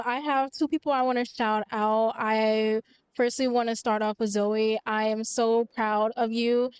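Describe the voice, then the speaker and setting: A woman with a clear, smooth, fairly high voice gives an emotional tribute into a handheld mic. Her pitch stays fairly even, and her words are sincere. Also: dry recording. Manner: heartfelt, emotional. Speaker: audience member giving a shout-out.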